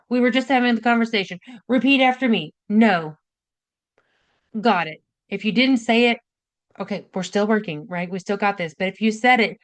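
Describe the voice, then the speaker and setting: A woman nurse giving a casual spoken health lesson, direct and chatty, often checking in with "right?" and "okay?". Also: medium pitch. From United States. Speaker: nurse educator hosting a health class.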